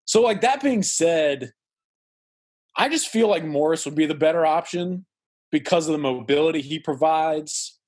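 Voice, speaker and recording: A man's voice: a little high, lively intonation, normal speed, a little mellow, breathy edge. A man co-hosting a casual sports podcast, giving emphatic, opinionated takes. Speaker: podcast co-host.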